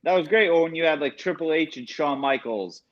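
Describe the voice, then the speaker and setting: A man's voice: on the high side, brisk, lo-fi sound. A man co-hosting a wrestling podcast, chatting casually and leaning on "like" a lot. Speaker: podcast co-host. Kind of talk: casual chat.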